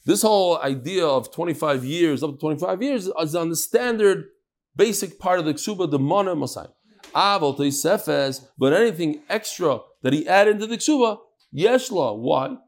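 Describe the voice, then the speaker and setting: Animated man teaching Talmud. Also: a little high, normal speed. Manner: mixes Yiddish-Hebrew terms into English, acts out dialogue.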